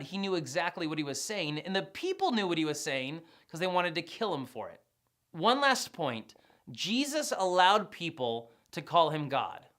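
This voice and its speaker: A woman's voice: medium pitch, fairly bright tone. A woman giving an explanatory Bible lesson in a conversational, emphatic way. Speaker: Bible teacher.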